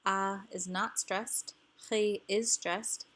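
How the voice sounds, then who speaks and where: A woman's voice: medium pitch, steady tone, slow pace, fairly bright tone. A woman teaching grammar rules, explaining patiently and repeating each example word.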